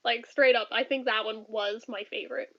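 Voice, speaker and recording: The audio is dull lo-fi stream sound, and the speaker is a woman in her thirties whose voice is on the high side, steady in tone, at normal speed. She chats casually while reading viewer comments, profane and blunt, often laughing and ranting.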